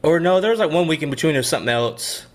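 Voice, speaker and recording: A young man co-hosts a relaxed podcast. He rambles through stories, pokes fun at himself and laughs easily, with a pitch that moves up and down a lot. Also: fast. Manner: rambling, self-deprecating, laughs often. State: a bit out of breath. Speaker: podcast co-host and youth pastor. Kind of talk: casual podcast chat.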